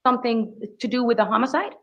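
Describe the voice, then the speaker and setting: A woman's voice: a little high, fast. A woman attorney questioning a witness in court with firm, leading questions. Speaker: defense attorney. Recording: dull courtroom audio.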